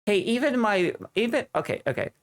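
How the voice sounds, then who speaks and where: Male streamer with a Finnish accent, native Finnish speaker, halting and chatty English, close desk mic. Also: high-pitched, very animated. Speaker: livestream host. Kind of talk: casual stream chat. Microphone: desk streaming microphone.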